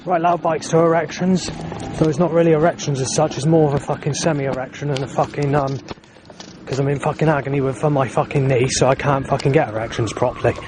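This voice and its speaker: A man's voice: a little high, steady tone, fast talker. A man recording a rambling spoken diary outdoors in town, agitated and swearing heavily. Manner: agitated, heavy swearing, bursts of anger. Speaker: vlogger recording his day. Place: outdoors in town, at streets, stations and bus stops. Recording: outdoor street noise and passing vehicles.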